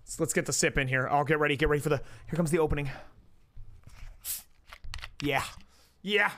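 A man's voice: on the high side, fairly quick, a bit bright, a little hiss or hum. A man streaming live, chatting casually in a rambling, profane way that keeps cutting itself off and restarting. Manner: rambling, profane, self-interrupting.

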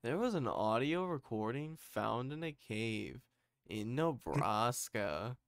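A man putting on the voice of a male horror-story narrator, telling a creepy tale with drawn-out emphasis. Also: mid-range voice, animated, no room sound, clean studio sound. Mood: ominous. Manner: dramatic storytelling delivery.

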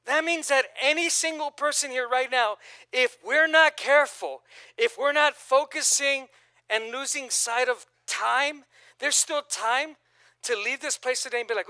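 A male pastor preaching a lively sermon, reading scripture aloud and calling on the congregation to repeat after him. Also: extremely high pitch, takes it slowly, no echo. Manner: reads scripture aloud, then comments casually.

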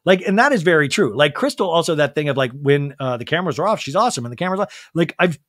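A man's voice: fairly high pitch, lively intonation, quick pace, fairly bright tone, dry recording, clean studio sound. A man hosting a podcast, giving a casual, gossipy recap of a reality TV show. He swears freely and acts out the people he quotes. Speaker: podcast host.

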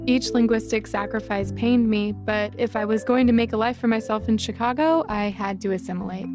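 A woman from North Carolina reading her personal essay aloud in a measured, reflective way. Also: fairly high pitch. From Charlotte, North Carolina. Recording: voice over clear background music.

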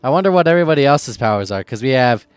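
A man's voice: mid-range voice, lively intonation, racing, smooth, no echo, soft background music. A man doing casual let's play commentary over a video game, laughing hard and swearing freely. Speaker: gameplay commentator.

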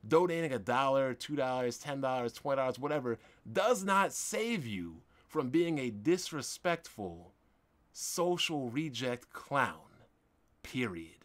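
A man hosting a podcast, delivering a confrontational, indignant monologue with emphatic swings in loudness. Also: mid-range voice, very animated, unhurried. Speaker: podcast host. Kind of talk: ranting monologue.

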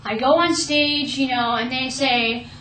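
Young woman telling a story, kinda high voice, echoey room w/ faint background hum. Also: measured pace, recorded from a distance. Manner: lively, animated retelling with quoted asides. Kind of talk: personal storytelling.

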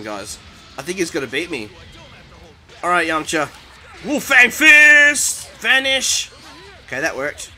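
A young man reacts out loud to every hit of a ranked match, his voice high and very bright. He jumps around in pitch as he panics, groans, and taunts his opponent. Faint game music plays beneath him. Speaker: gaming YouTuber. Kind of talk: live gameplay commentary.

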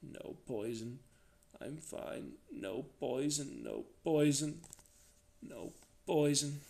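A man voicing a terrified young man who has been stung, shouting and whimpering in high-pitched panic. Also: animated, takes it slowly, gravelly. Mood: muttering.

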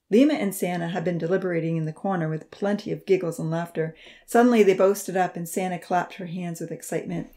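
Lower-voiced woman reading a storybook. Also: fairly even intonation, fast, mellow. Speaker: audiobook reader. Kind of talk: scripted storybook narration.

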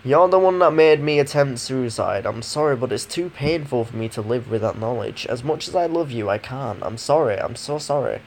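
A man's voice: mid-range voice, lively intonation, moderate pace, hardly any pauses, slight background noise, close to an everyday voice. A man reading as a heartbroken young woman with amnesia. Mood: remorseful.

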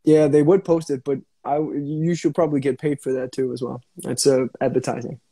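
Young man, mellow and joking. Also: mid-range voice, level tone, brisk, breathy edge. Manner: joking, laughs often, repeats himself. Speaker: actor hosting a live watch-along. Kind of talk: casual chat. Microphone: phone on a live stream.

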